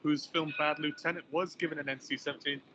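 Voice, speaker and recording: A man's voice: a little high, fairly even intonation, fast, highs cut off, background noise. A man co-hosting a casual chat, rambling and hedging as he talks. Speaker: podcast co-host.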